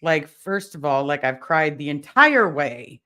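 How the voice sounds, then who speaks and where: A woman's voice: low voice, animated, unhurried, bright, forceful tone. A woman telling a painful personal story in casual chat, candid and profane.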